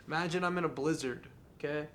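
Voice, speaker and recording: A man's voice: a little high, fast, fairly bright tone, slight background noise. A young adult man hosting a podcast, talking in an earnest, candid and confessional way in a casual monologue. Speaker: podcast host.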